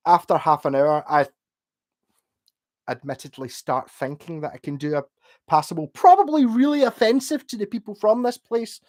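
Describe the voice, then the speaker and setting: A man's voice: on the high side, moderate pace, darkish tone. A chatty man streaming from home late at night, a few drinks in and rambling cheerfully. He hops between topics, reads out viewers' messages and breaks into easy laughs as he goes. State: drunk. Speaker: livestreamer. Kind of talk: casual livestream chat, reading out chat.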